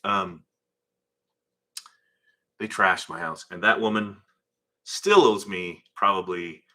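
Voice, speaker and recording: A man with a low-pitched voice speaks slowly as he hosts a live car-build stream from his home garage workshop. His casual chat is rambling and animated, and he reads chat names aloud.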